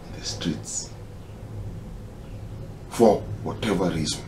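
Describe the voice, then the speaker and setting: A man with a Kenyan accent making an impassioned, halting personal appeal, pleading and repeating himself. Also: sits low, animated, dark tone, reverberant, a little hiss or hum. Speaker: concerned citizen.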